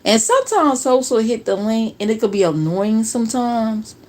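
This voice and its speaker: A woman's voice: fairly high pitch, animated, moderate pace. A woman from New Jersey hosting a casual reaction livestream, talking to viewers in a sarcastic, profane way.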